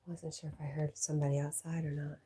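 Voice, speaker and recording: Low, mellow-voiced woman chatting on a livestream. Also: flat delivery, fast talker, breathy edge. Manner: chatty, talks to her dog and reads viewer comments aloud. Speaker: vlogger hosting a livestream. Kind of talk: casual live-stream chat. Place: at home indoors.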